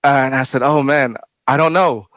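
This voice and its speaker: A man, a guest speaker, sharing a personal faith testimony in a halting, candid way, with many fillers and restarts and frequent laughs. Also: mid-range voice, fairly even intonation, fairly bright tone, no room sound, low-quality recording.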